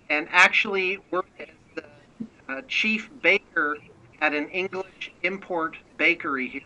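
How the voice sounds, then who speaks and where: Appearing as a guest on a remote interview, a man from the United States who runs a miniature painting business rambles casually through the conversation with many restarts. His slightly high voice sounds pushed and bright, and the audio is poor.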